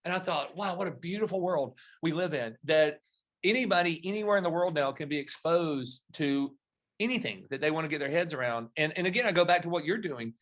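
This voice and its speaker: Bright-voiced middle-aged man telling stories. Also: a little high, a little fast. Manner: storytelling, animated when acting out dialogue. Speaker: guest. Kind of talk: podcast interview.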